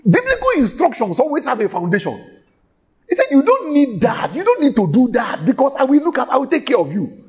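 Emphatic high-voiced male preacher. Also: huge pitch swings. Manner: emphatic, repeats phrases for stress, drawn-out delivery. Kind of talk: sermon.

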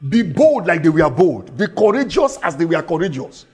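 A man preaching a sermon, reading scripture slowly and emphatically, repeating phrases and asking his listeners questions. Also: on the high side, very animated, a little mellow, soft background music. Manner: reads scripture slowly and deliberately.

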